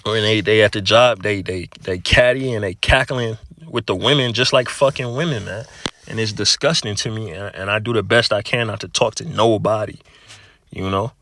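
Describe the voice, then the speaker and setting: Low-voiced man giving a profane testimony. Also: normal speed, fairly bright tone. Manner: profane, repeats words and fills with 'you know', 'man', 'okay'. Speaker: religious speaker. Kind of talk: casual spoken testimony.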